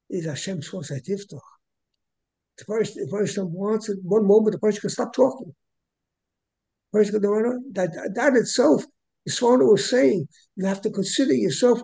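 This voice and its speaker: A man teaching a Torah class who often repeats his words and clears his throat between phrases. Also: high-pitched, mellow, poor audio.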